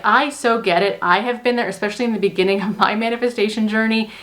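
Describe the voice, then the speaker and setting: A woman who works as a manifestation coach, explaining ideas in a casual, earnest way that is reassuring and full of "like" and "so". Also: medium pitch. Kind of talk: casual teaching monologue.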